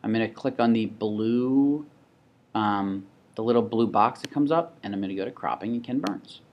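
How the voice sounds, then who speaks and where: A man with a young child, teaching a software tutorial in a casual, think-aloud way, with restarts and asides. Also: lowish voice, moderate pace, muffled recording. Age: adult with a child. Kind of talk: screen-recorded tutorial.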